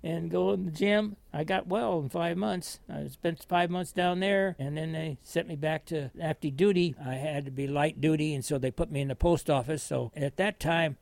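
A man's voice: a little high, normal speed, creaky, hardly any pauses, darkish tone, dry recording. An older American man, a war veteran, telling his story in a rambling, folksy way with frequent chuckles. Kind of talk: oral history storytelling.

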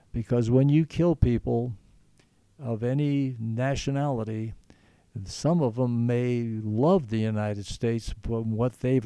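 Gravelly older man telling stories. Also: mid-range voice, warm tone, dry recording. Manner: earnest, rambling, with restarts. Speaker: interviewee. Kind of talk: storytelling in conversation.

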